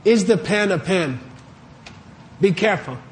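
A high-pitched male voice with lively intonation unfolds at a measured pace, carrying a faint hiss or hum. He offers a relaxed Buddhist teaching to a live crowd in a warm room, chatting with them, posing questions, and tossing in "okay?" and "right?" to check they're following.

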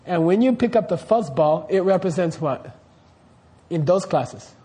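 High-voiced man teaching a dharma class. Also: lively intonation, unhurried, warm tone. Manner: quizzes the class, keeps checking "you see what I mean?". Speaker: Buddhist teacher.

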